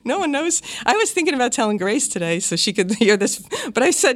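Giggly lively middle-aged woman. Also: fairly high pitch, fairly quick. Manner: giggly, chatty, animated storyteller. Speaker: podcast co-host, mother. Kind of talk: casual family chat.

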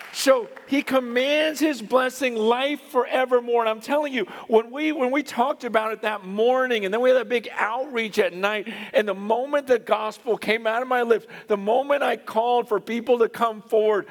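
High-voiced man preaching in a reverberant hall. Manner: animated storytelling, shifts from loud exclamations to hushed tones. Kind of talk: sermon.

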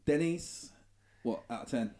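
A man chatting casually as co-host, relaxed and mostly giving short agreeing replies. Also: medium pitch, a little slow. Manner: laid-back, brief agreeing replies. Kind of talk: casual chat.

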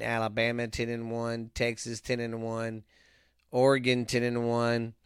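In a clean studio recording with no room sound, a podcast host with a mid-range, clean-toned voice rambles loosely through a casual sports monologue. He curses freely while reading off scores and making his picks.

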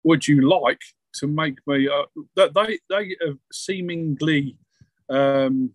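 A man's voice: a little high, takes it slowly, no echo, rough recording. A man narrating a tabletop game as game master, rambling loosely with many fillers.

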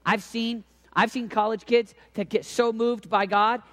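A man in his thirties preaching a sermon, swinging between hushed near-whispers and loud shouted cries. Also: high-pitched, fairly even intonation, measured pace. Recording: long hall reverb.

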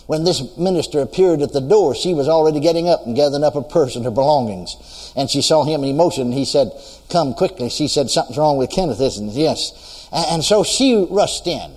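Fervent preacher man with lively pitch. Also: husky. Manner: fervent, exclaims praises between sentences; repeats phrases for emphasis. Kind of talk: sermon. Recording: long hall reverb.

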